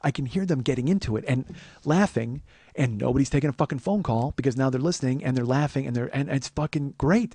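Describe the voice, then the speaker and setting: A man in his forties hosting a comedy podcast, telling a long story in a profane, rambling, animated way. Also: mid-range voice, quick pace, few pauses, no echo. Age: 40s. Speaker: podcast host.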